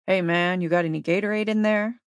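A woman's voice: lowish voice, fairly even intonation, a little fast, smooth, dry recording, close to an everyday voice. A woman reading the part of a young male mountain biker who talks in a loose, casual way, in a dry close recording.

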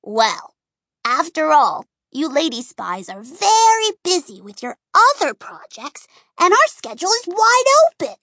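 A woman's voice: sits high, big pitch swings, a little slow, pushed and bright, no echo, studio quality, pitched above the performer's own voice, exaggerated voice. A woman voicing a bold, cheeky young girl detective in a storybook, talking playfully. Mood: coaxing.

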